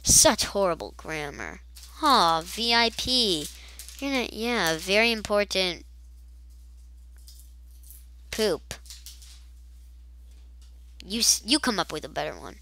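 A woman's voice: medium pitch, expressive, slow pace, long pauses, sharp tone, slight background noise. A woman giving casual, rambling gameplay commentary, full of silly asides. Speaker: let's play gamer.

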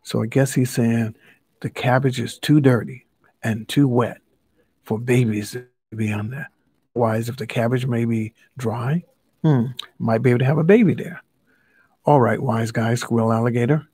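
A man's voice: medium pitch, steady tone, moderate pace, warm tone, husky, no room sound. A man reading a children's story aloud as a Bible study teacher, playfully stopping to ask the listener questions.

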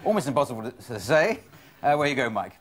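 A man's voice: mid-range voice, big pitch swings, fast, noisy background. A man with a British accent hosting a comedy game show with dry, teasing wit in a TV studio. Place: TV studio with live audience. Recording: studio with audience laughter.

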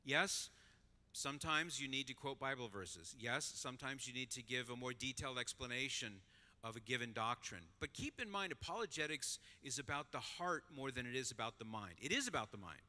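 A man's voice: mid-range voice, a little fast. A middle-aged man speaking at a conference, telling a story to an audience and acting out the voices of the people in it. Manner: animated storyteller, acts out voices. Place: large conference hall. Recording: long hall reverb.

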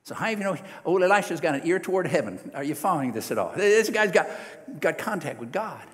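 Animated male preacher in a reverberant church. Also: on the high side, fast talker. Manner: lively storytelling, asks the congregation questions. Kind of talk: sermon. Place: church sanctuary.

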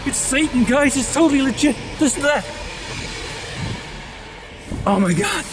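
A man putting on a squeaky, over-excited vlogger voice, gushing and easily spooked, outdoors on flooded rural trails. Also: moderate pace, over music. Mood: mock-spooked. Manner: breathless, gushing, says "totally legit" and "oh my God".

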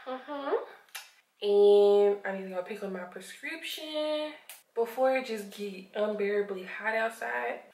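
Southern woman vlogger, sleepy and chatty, mid pitch, recorded in an echoey room away from the camera. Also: a little slow, a little mellow. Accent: Southern US (Arkansas). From Arkansas, USA. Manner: chatty, laughs often, calls viewers honey and y'all. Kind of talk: casual chat to camera. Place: at home, indoors. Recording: roomy, from a distant camera mic.

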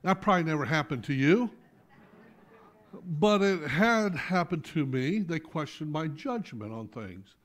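A middle-aged male pastor delivering a Sunday sermon, his voice sitting a little high for a man. He preaches animatedly, swinging between loud, pressing appeals and quiet, intimate asides. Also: measured pace. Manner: animated preaching with sudden soft drops. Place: church sanctuary.

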